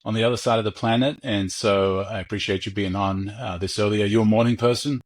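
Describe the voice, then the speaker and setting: A man's voice: fairly low pitch, fairly even intonation, fast talker, no echo, studio quality. A man hosting a podcast interview, friendly and joking, laughing easily with his guest. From Australia. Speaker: podcast host.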